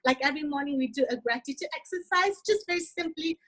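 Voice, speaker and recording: A woman's voice: high-pitched, expressive, fast talker, few pauses, bright, forceful tone, poor audio. A woman guest coach chatting enthusiastically in an interview, sprinkling in "like" and tag questions. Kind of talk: casual interview chat.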